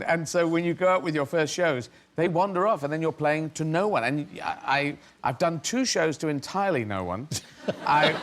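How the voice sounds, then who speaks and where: Slightly high and a bit bright, this middle-aged Englishman's voice comes with a little hiss or hum. As a comedian being interviewed, he shares rambling anecdotes that poke fun at himself, breaking into laughter mid-sentence.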